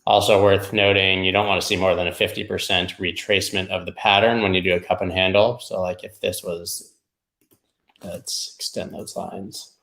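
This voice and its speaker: A man talks through price charts in a loose, rambling way, tossing in irreverent jokes as he goes. His voice is gravelly and sits fairly low, and it rings a little in a roomy space. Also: little pitch movement, moderate pace, a bit bright. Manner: rambling, irreverent, jokey asides. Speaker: crypto market show host. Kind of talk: casual live chart analysis.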